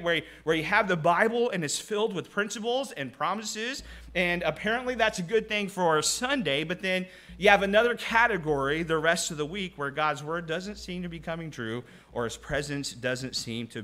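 Guy preaching a sermon, bright voice, pitched kinda high, chatty and full of questions. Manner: conversational, rhetorical questions, acts out voices.

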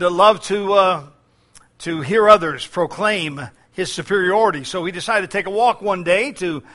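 A man's voice: sits high, sharp tone. A man preaching a sermon as pastor, with frequent fillers and key phrases repeated.

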